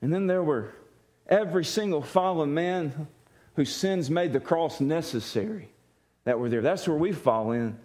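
A man's voice: fairly high pitch, lively intonation, normal speed, a little mellow. A man preaching a sermon, telling a story and acting out the voices in it. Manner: storytelling, acts out voices with laughter. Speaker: pastor.

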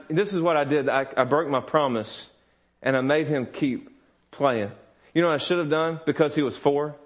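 A man in his thirties preaching a sermon, telling candid, self-deprecating stories about his young sons, laughing often and acting out their voices. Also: medium pitch. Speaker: pastor.

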